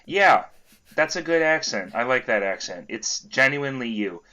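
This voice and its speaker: A man's voice: mid-range voice, animated, moderate pace, sharp tone. A young man co-hosting a casual comedy podcast, trading dry, teasing banter. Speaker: podcast co-host. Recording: slightly dull lo-fi sound.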